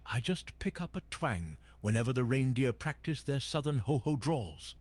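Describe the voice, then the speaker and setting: A machine voice doing a husky, lively old Santa. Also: male voice, mid-range voice, normal speed. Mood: playful. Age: older. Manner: cheery, rhyming holiday wordplay. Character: jolly old male Santa Claus chatbot.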